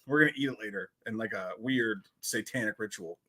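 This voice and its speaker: A man's voice: on the low side, a little fast, bright, forceful tone, husky. A man co-hosting a casual movie livestream, teasing, sarcastic and reading chat messages aloud. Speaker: podcast co-host.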